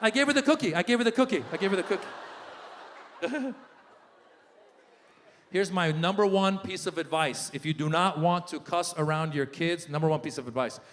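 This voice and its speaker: A middle-aged man performing a stand-up comedy set, telling animated stories and shouting in character voices. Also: high-pitched, moderate pace, pauses often, a little hiss or hum. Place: large live venue. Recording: live hall with long reverb.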